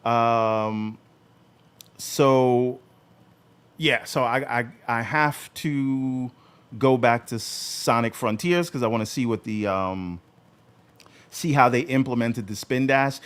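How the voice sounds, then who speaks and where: A man co-hosting a casual gaming podcast, his voice sitting at an ordinary middle pitch. He rambles along with plenty of "um"s and restarts as he works through his thoughts. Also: slow pace, fairly bright tone, clear, resonant tone. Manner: rambling, many fillers and restarts. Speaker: podcast co-host.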